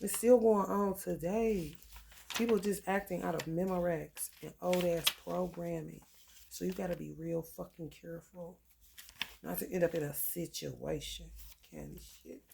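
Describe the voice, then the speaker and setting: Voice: medium pitch, measured pace, gravelly, background noise. An astrology channel host giving a casual reading, reading passages aloud and breaking off into slangy, profane side comments.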